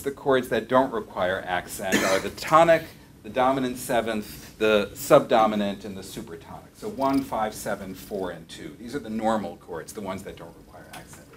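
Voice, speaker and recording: A man's voice: lowish voice, expressive, normal speed. A middle-aged man, a music professor, giving a classroom lecture in a thoughtful way, with many fillers and self-corrections. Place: classroom with piano. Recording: roomy distant classroom recording with piano.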